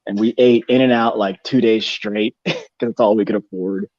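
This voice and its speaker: A young Texan man, a podcast co-host, rambles through a long story in casual chat, full of slang, fillers and restarts. His voice sits on the low side with a steady tone, normal speed and a darkish quality. The studio sound is dull and dry, with no echo.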